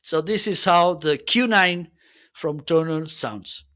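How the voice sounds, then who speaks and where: A man's voice: a little high, takes it slowly, pushed and bright. A man hosting a livestream, casually demonstrating gear with explanations and frequent check-ins, using slightly non-native English phrasing. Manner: explanatory, often checks in with "okay". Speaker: livestream host reviewing gear.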